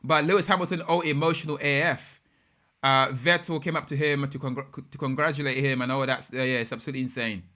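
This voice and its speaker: A young man hosting a live race watch-along, reacting in an excitable, slangy way and chatting with viewers. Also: medium pitch, fast. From United Kingdom. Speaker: live stream host.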